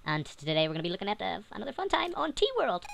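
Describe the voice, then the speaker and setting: A woman hosting a gaming channel, yelling and laughing through excited gameplay commentary. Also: mid-range voice, racing, gravelly, a little hiss or hum, rough recording. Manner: shrieks and yells at the game, laughs a lot.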